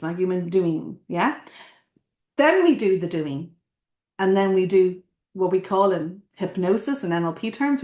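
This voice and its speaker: A woman coach giving a playful motivational talk, asking listeners questions and telling a story. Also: mid-range voice. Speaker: coach and academy founder. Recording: roomy echo.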